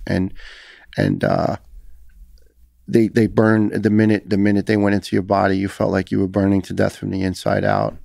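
A man's voice: on the low side, creaky, dry recording. A middle-aged man with a New York accent, a former firefighter recounting his ordeal in a podcast interview, earnest and emotional, often restarting his sentences. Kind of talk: conversational podcast storytelling.

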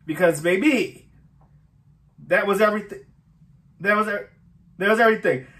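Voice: mid-range voice, moderate pace, a bit bright. A music reaction host giving casual commentary, effusive and emotional, laughing often and talking straight to the viewers.

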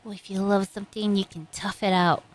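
A woman reacting to an anime, talking to the characters on screen and swinging between loud cheering and soft, sympathetic murmurs. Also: medium pitch, steady tone, brisk. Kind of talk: emotional anime reaction commentary.

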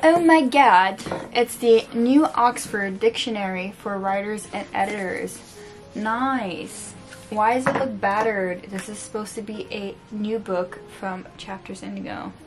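With music playing behind her, a woman unhurriedly talks in a steady, mid-range voice. The French-accented book vlogger, worn out from lack of sleep, unboxes books in a room with books on the floor, chatting casually, self-mocking and fumbling words.

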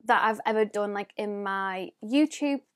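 A woman's voice: mid-range voice, unhurried. A woman, chatting casually and rambling as a beauty vlogger showing off her presents. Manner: chatty, rambling, lots of "like" fillers. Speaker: beauty YouTuber. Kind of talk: casual unboxing vlog.

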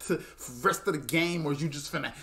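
A man hosting a music reaction video, talking excitedly, exclaiming often and swearing freely. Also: on the high side, fast talker, gravelly.

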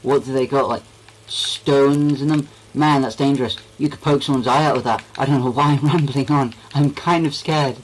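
A man's voice: mid-range voice, fairly even intonation, normal speed, few pauses, slight background noise, poor audio. A young man giving goofy, rambling commentary while playing a game. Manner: goofy, rambling, talks to himself. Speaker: gaming video creator.

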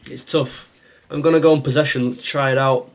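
A man's voice: medium pitch, fairly even intonation, fairly quick. Exasperated man playing a football game. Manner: reactive, exasperated, talks to the game. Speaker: gaming YouTuber. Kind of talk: live gameplay commentary.

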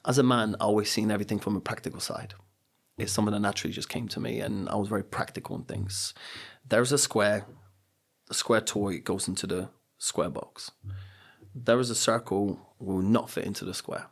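A middle-aged British man speaks on a podcast in a gravelly, husky voice, earnest and reflective. He tells personal stories and drives his points home with repeated phrases. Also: on the low side, steady tone, fairly quick. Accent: British English. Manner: earnest, storytelling, emphatic repetitions. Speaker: podcast guest.

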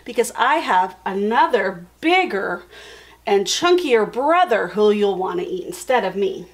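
A woman voicing a middle-sized male billy goat in a children's story, a touch lower and softer. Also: expressive, a little slow, lightly acted. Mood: pleading.

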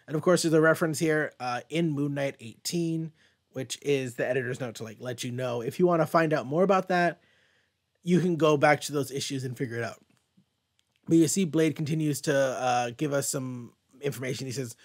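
Excitable young man rambling about comics. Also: mid-range voice, brisk. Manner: excited, rambling, swears freely. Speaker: comic book reviewer. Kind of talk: casual chat.

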